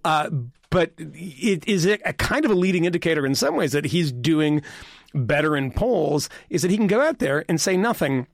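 A man's voice: on the high side, expressive, normal speed, creaky, no echo, clean studio sound. A man on a podcast panel talking politics in casual chat, rambling and interrupting himself with repeated words.

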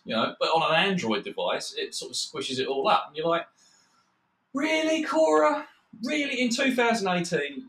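A man's voice: medium pitch, bright, forceful tone. An Australian man, a guest on a video call, ranting in casual chat, swearing freely and mocking others with put-on quotes.

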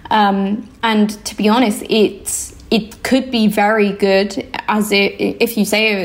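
Thoughtful young woman with many ums. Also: mid-range voice. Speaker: football analyst guest. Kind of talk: casual interview talk.

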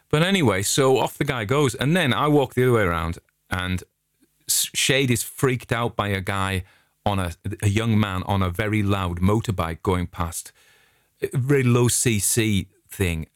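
A middle-aged man with an English accent and a notably low voice ambles through his anecdotes in a relaxed, digressive way. The sound is close and dry, with no room around it. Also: normal speed, dry recording. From England. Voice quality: chatty anecdotal storyteller, digressive. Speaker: vlogger. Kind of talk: casual rambling monologue.

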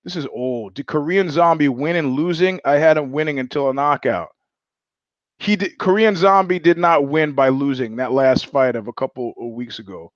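A man with a fairly high voice talks through a podcast monologue and tells stories in a blunt, profane way. The sound is dull and dry. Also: moderate pace, dry recording. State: sweating. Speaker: podcast host. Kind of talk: casual monologue.

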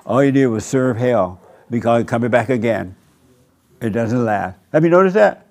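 A man pastor preaching a sermon at a church service, with slow, emphatic, drawn-out phrasing. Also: mid-range voice, expressive, a little mellow.

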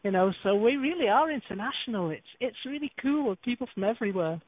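A woman's voice: fairly high pitch, expressive, fast, dry recording. A woman from the UK co-hosting an internet radio talk show, chatty and upbeat, often repeating words as she goes. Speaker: co-host. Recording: tinny dry phone line.

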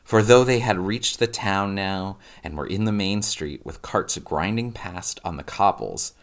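A man narrating a classic novel aloud in a measured, expressive reading. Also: deep voice.

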